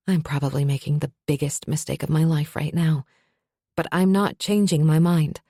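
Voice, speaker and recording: A woman's voice: sits low, normal speed, mellow, husky, no echo, studio quality. A woman narrating a fantasy audiobook in first person, with a wry, sardonic edge.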